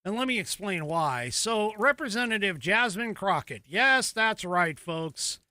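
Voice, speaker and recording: American male podcast host, high, bright and dry, combative mocking commentator. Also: animated, unhurried, dry recording. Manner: combative, mocking, rising emphatic delivery. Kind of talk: solo political commentary.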